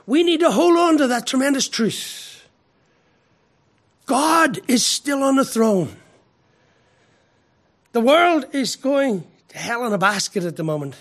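A middle-aged man preaching a sermon as pastor, emphatic and given to stammered restarts. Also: high voice.

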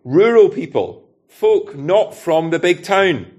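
A man's voice: high voice, animated, takes it slowly, darkish tone. A man with a Scottish accent preaching an expository sermon in a conversational way, often asking rhetorical questions.

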